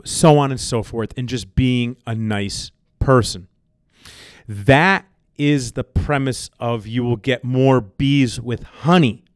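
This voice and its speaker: A man's voice: medium pitch, smooth, dry recording, studio quality. A man hosting a podcast, lecturing bluntly and emphatically with frequent swearing. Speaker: podcast host and gym owner. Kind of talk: casual advice monologue.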